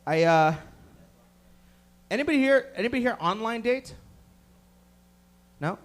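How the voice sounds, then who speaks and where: Stand-up comic, male, high-pitched, swears freely, chats up the front row. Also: animated, a little slow. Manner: profane, riffing with the audience, acting out voices. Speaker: stand-up comedian. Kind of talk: stand-up set with crowd work. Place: comedy club stage.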